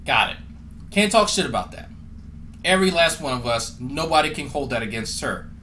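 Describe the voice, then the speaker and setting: A man's voice: fairly high pitch, expressive, moderate pace, bright, forceful tone, a little hiss or hum, poor audio. A man doing profane, mocking commentary as a streamer, sarcastic and swearing often.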